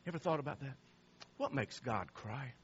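A man's voice: medium pitch, lively intonation, moderate pace, highs cut off, slight background noise. A male pastor preaching an impassioned sermon, emphatic and repeating words for effect.

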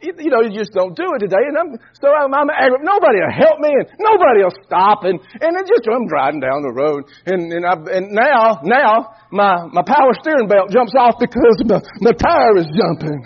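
A man's voice: high voice, sing-song, normal speed, hardly any pauses, breathy edge, dull audio. A man preaching a sermon, telling a folksy story and often repeating and restarting words.

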